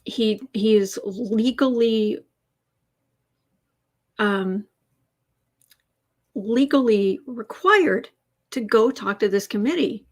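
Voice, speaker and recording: A woman's voice: fairly high pitch, slow pace, pauses often. A woman hosting a tarot livestream, chatting casually, telling anecdotes and reading out viewer comments. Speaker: tarot reader and livestream host.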